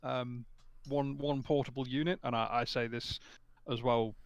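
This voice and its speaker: A man's voice: mid-range voice, steady tone, normal speed, dry recording. A man playing a tabletop game, asking questions and often restarting his sentences. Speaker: player. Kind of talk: casual tabletop game chat.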